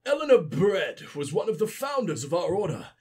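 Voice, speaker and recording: Sick man voices an old male lore-reader, solemn and deliberate. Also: high voice, big pitch swings, darkish tone, slightly rough, full character voice. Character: old male scholar narrator. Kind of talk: reading in-game lore aloud.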